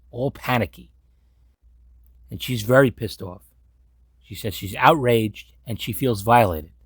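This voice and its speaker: A man's voice: mid-range voice, breathy edge, no echo, studio quality. A man giving casual, sarcastic episode commentary, swearing often and sounding incredulous. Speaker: commentary host.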